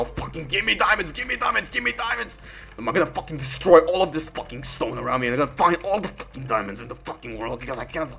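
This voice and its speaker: A man playing an enraged young gamer who yells and swears frantically. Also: medium pitch.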